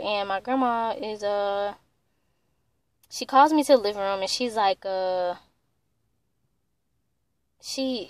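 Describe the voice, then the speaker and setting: A woman's voice: mid-range voice, no room sound. A young woman tells a heated, profane story in a casual vlog, full of "like". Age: young adult. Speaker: vlogger.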